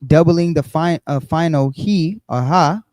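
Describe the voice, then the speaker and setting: A man's voice: a little high, a little slow, darkish tone, no echo, low-quality recording. A man teaching a Bible lesson on a livestream, explaining step by step and checking in often with "okay?" and "right?", with frequent fillers. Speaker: religious teacher.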